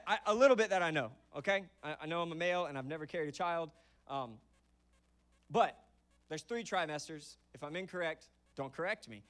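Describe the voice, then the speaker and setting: Animated high-voiced young pastor preaching. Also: male voice. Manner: animated and conversational, acting out dialogue. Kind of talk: sermon. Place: church auditorium.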